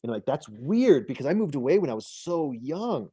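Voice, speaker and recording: An easygoing man with a Michigan accent talks through things step by step in a casual chat. His pitch is ordinary and middle-range. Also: very animated, normal speed, dark tone, slightly rough.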